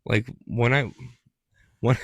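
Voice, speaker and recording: A man's voice: mid-range voice, animated, very slow, no echo. A man co-hosting a casual podcast, joking around, swearing freely and slipping into silly voices. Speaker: podcast co-host. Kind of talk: casual chat.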